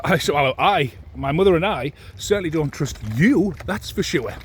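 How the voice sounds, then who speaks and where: A man's voice: on the high side, lively intonation, moderate pace, hardly any pauses, slight background noise. A man, ranting into his phone with heavy swearing and indignant repetition. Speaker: vlogger. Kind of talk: ranting monologue to camera.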